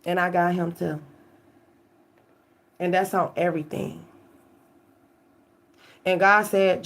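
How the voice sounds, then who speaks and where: A woman's voice: lowish voice, steady tone, takes it slowly, pauses often, fairly bright tone. A woman tarot reader giving an emphatic, profane live-stream monologue, often checking in with "okay?".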